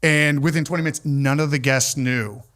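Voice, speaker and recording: Bright, animated male storyteller. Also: fairly high pitch, moderate pace. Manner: animated storyteller, acts out quotes. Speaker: building owner. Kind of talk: live podcast chat. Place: large old building, live audience.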